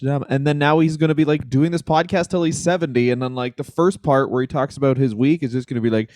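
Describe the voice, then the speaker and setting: A man's voice: mid-range voice, fairly even intonation, fast talker, few pauses, a little mellow, dry recording. A young man co-hosting a comedy podcast, riffing loosely with lots of "like" and mock impressions. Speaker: podcast co-host. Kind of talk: casual comedic chat.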